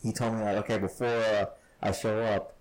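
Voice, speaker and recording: A man's voice: on the low side, level tone, brisk, poor audio. A man co-hosting a podcast, telling stories in casual chat and laughing often as he talks. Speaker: podcast co-host.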